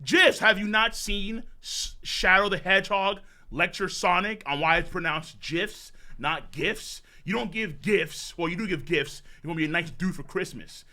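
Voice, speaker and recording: A man streaming a live manga reaction, excitable and profane, breaking into shouts of amazement. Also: sits high, moderate pace, hardly any pauses.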